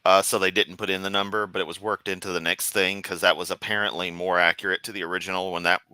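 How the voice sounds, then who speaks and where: A male commentator reacts to a clip with wry, sarcastic quips. His voice is bright and forceful. The sound is dry and close to the mic. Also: deep voice, level tone, fast, clear, resonant tone, no echo.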